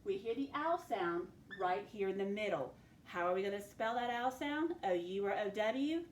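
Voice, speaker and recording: A woman teacher leading a recorded phonics lesson, clearly sounding out words and letters for her students. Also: mid-range voice, expressive, normal speed, reverberant, slight background noise. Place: classroom with a board.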